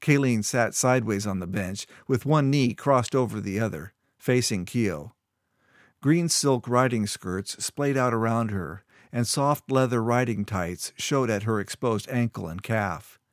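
A man reading a story aloud in steady, measured scripted narration. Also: mid-range voice, dry recording, clean studio sound. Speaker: audiobook narrator.

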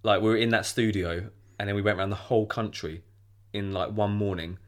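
A man's voice: fairly low pitch, fairly even intonation, fairly quick. A man, a podcast guest, reminiscing in hesitant casual chat. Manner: hesitant, reminiscing, laughs easily.

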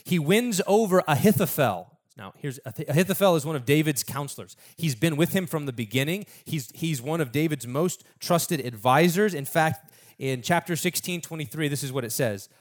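A man's voice: on the high side, lively intonation, normal speed. A man preaching a sermon in a casual, conversational storytelling way, acting out the people in the story.

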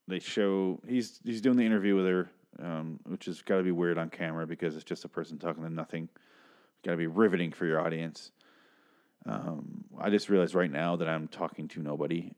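A man's voice: low voice, darkish tone. A man hosting a casual TV episode recap, talking in a rambling, chatty way with casual swearing. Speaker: show recap host.

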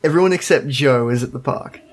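A man's voice: medium pitch, brisk. A man hosting a casual podcast, recapping a cartoon episode and acting out the characters' lines. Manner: animated, acts out characters' lines in quotes.

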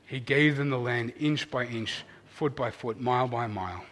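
A man preaching a sermon in an earnest, animated way, rising to loud emphasis and dropping to quiet asides. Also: mid-range voice, moderate pace, long reverb tail. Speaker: pastor.

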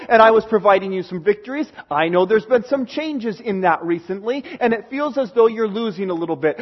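A man preaching a sermon, giving earnest expository Bible teaching and voicing God's words with strong emphasis. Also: lo-fi sound. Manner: earnest, emphatic, paraphrasing God in a booming voice.

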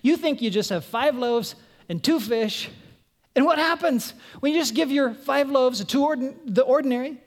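Animated woman preaching a sermon. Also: moderate pace. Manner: animated, acts out quoted voices in a higher pitch; conversational, asks the congregation questions. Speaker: pastor.

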